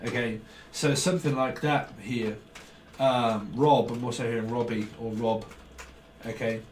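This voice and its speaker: A man's voice: mid-range voice, steady tone, a little slow. A man giving a casual tarot reading, rambling in a stream of consciousness and chuckling often. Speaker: tarot reader. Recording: roomy, distant mic, faint background noise.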